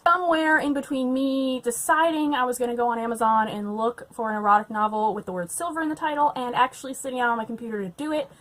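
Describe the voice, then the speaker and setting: A young woman at home, tipsy on wine, chatting casually to camera and ranting with lots of swearing and loud outbursts. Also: a little high. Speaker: book vlogger. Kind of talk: casual drunk reading vlog.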